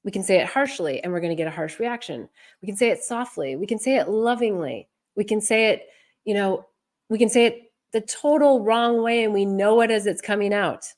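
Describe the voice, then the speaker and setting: A woman's voice: medium pitch, a little fast, a little mellow. A woman hosting a live advice session as an intuitive advisor, speaking candidly and encouragingly.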